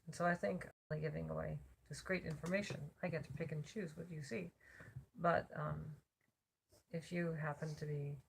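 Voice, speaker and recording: An exhausted woman vlogging from her cot on a phone camera, her worn-out voice a little slurred as she rambles with many pauses. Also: sits low, steady tone, creaky, background noise. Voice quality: slightly slurred. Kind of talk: casual check-in vlog. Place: lying on a cot at home.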